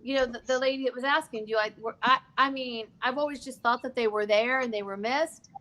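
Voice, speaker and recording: A woman with a fairly high voice talks casually as a guest, wandering off into asides and coming back to press her point. Her delivery is emphatic and conversational. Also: fairly even intonation, a little fast, sharp tone. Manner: digressive, emphatic, many asides. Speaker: podcast guest.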